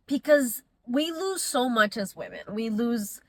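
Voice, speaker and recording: A woman's voice: a little high, animated, a little slow, slight background noise. A young woman vlogging candidly about motherhood, chatty and emotional, close to tears at times and laughing at others. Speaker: mom vlogger. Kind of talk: candid confessional vlog.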